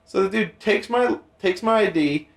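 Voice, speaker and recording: A young man hosting a podcast, telling a rambling, profane story in casual chat and jumping into animated quoted voices. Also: high-pitched, normal speed, creaky. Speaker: podcast host. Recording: roomy echo.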